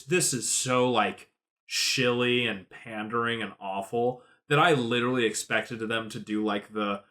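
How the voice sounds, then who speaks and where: A tipsy man co-hosting a podcast, giving a sarcastic, swear-filled film review and mocking the characters in quick put-on voices. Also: mid-range voice, sharp tone. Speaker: podcast co-host. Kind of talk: casual film review chat.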